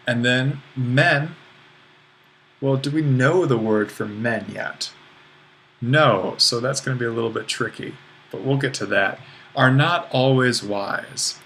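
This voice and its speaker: A man's voice: medium pitch, fairly bright tone, a little hiss or hum. A man teaching, working through grammar exercises and patiently correcting himself as he goes, with a little dry humor. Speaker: Greek teacher.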